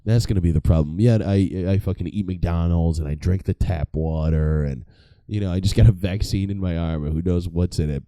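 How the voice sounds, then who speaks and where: A man's voice: low-pitched, moderate pace, warm tone, dry recording. A young man doing a casual, profane comedic monologue, rambling and mocking himself. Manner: rambling, profane, self-mocking, laughs at own jokes. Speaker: comedy podcast host.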